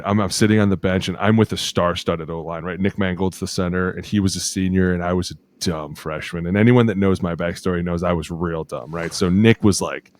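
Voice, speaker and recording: Low-voiced profane football podcast man. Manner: profane, storytelling, acts out quotes. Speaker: podcast co-host, former lineman. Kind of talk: casual sports chat.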